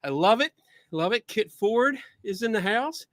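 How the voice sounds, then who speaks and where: A male podcast host chatting casually on a livestream, excitable, laughing often and swearing casually, a bit out of breath. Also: high voice, a little slow, dry recording, clean studio sound. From Buffalo, New York.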